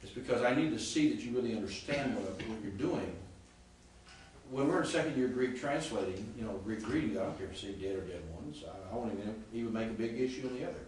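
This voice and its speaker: In a Greek class, the male teacher keeps restarting his explanations and makes sure students are following along. His low, darkish voice moves fast, captured from far off by a camera in an echoey classroom with faint noise.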